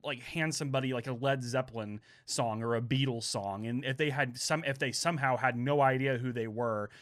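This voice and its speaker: A man from Oklahoma with a light Southern accent, co-hosting a casual podcast and rambling quickly with many fillers. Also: medium pitch, steady tone, fairly bright tone. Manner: rambling, fast, lots of fillers. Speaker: podcast co-host.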